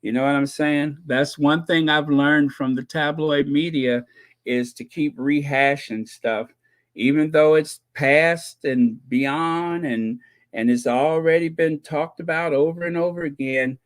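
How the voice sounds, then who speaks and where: A man's voice: on the high side, fairly even intonation, measured pace. A man hosting a casual live stream, reading viewers' comments and talking to them in a joking, sarcastic way, laughing and repeating himself often. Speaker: host of a royal commentary channel.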